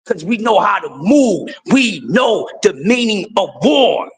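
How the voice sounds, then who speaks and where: A middle-aged man, ranting emphatically on a livestream, shifting from shouting to quiet pleas. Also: high-pitched, very animated, a little slow. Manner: emphatic, preachy, swings between shouting and quiet. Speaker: livestream host. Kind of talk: impassioned livestream rant.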